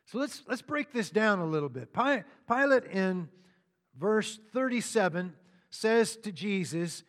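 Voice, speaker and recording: A man's voice: sits high, animated, a little slow, a bit bright, long reverb tail. A man preaching a sermon, walking through scripture verse by verse with conversational asides to the congregation. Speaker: pastor.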